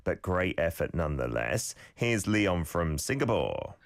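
Male radio host; deep, expressive, dry close mic; warm-humored teacher who corrects gently. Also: no echo. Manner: playful, patient, repeats phrases slowly to correct pronunciation. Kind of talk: casual radio lesson.

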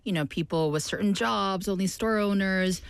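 A woman's voice: medium pitch, normal speed, gravelly, smooth, no echo. A woman who works as an actress, talking thoughtfully in a casual group discussion, often trailing off and hesitating.

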